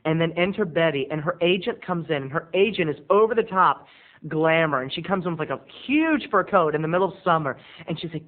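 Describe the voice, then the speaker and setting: A man giving a casual, animated, campy movie review as a video blogger. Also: on the high side, a little fast. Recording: tinny lo-fi recording.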